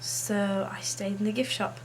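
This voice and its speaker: Slow snarky woman in put-on English accent. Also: medium pitch, little pitch movement, vocal fry, a little hiss or hum. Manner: snarky, hesitant with many fillers. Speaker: vlogger. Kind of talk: casual monologue.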